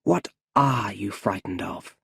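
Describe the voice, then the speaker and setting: A man voicing a stern, mysterious male mentor in an audiobook story, with firm, measured speech. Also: on the low side, gravelly, fairly bright tone, breathy edge, no room sound, studio quality, full character voice.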